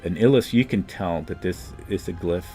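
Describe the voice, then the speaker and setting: A man's voice: low voice, moderate pace, mellow, faint music behind. A man narrating a tabletop game as game master, describing scenes loosely and with frequent fillers.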